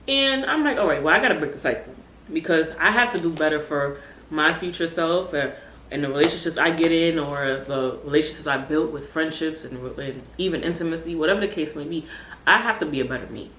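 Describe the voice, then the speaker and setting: A young adult woman hosts a podcast in a low, slightly bright voice, talking a little fast. Her casual monologue is emphatic, with words repeated for stress and bits of street slang. The room is echoey, with a faint hum in the background.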